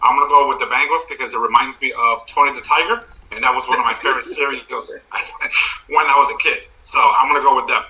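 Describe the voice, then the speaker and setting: A man's voice: medium pitch, steady tone, fast, sharp tone, low-quality recording. A man co-hosting a casual sports podcast, playfully giving silly reasons for his picks. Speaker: podcast co-host. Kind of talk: casual chat.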